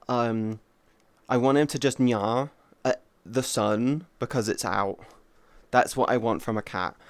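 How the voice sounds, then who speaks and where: A young man chats casually on a livestream, jumping from thought to thought and swearing now and then. His voice is smooth and resonant and sits at an ordinary pitch for a man. The sound is close and dry, with no room echo. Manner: animated, rambling and playful, with swearing. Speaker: VTuber streamer. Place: indoors at home.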